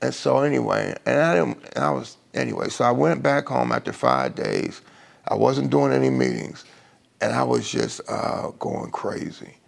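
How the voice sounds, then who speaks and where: Gravelly middle-aged man, halting and heartfelt. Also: mid-range voice, big pitch swings. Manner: halting, with many restarts and fillers. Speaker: speaker sharing his recovery story. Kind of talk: emotional personal testimony on a live stream.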